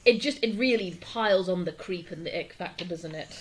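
A woman co-hosting a podcast talks briskly in a fairly low voice about a play. She's casual but thoughtful and reflective, reading quotes aloud.

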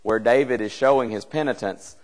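A man's voice: mid-range voice, fairly quick, darkish tone. A male preacher giving a conversational Bible class, retelling a scripture story with rhetorical questions and reading old-style scripture aloud. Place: church hall. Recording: long church hall reverb.

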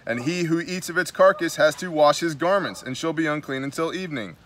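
A man's voice: a little high, fairly quick, a bit bright. Blunt New man reading scripture. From New York. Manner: conversational, reads scripture aloud then comments with blunt asides. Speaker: host. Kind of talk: casual Bible study talk.

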